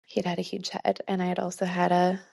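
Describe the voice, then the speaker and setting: A woman's voice: on the low side, completely flat delivery, quick pace, vocal fry, mellow. A woman in her thirties telling a personal story in a podcast interview, earnest, with many "like" fillers and frequent laughs. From Canada. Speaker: guest.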